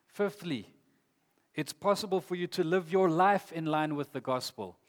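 A man's voice: a little high, moderate pace. A man preaching a sermon in an earnest, emphatic way, reading scripture aloud. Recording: long hall reverb.

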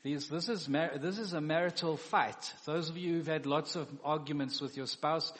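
A man's voice: fairly high pitch, normal speed. A man preaching a sermon, animatedly acting out the quoted words of the figures in his story. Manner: animated, acts out biblical dialogue. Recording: long hall reverb.

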